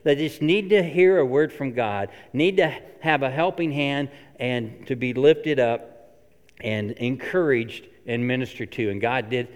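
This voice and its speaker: A pastor preaching a sermon in a church, earnest and emphatic, repeating phrases for stress. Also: male voice, mid-range voice, measured pace, clean tone. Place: church sanctuary. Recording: long reverb of a church hall.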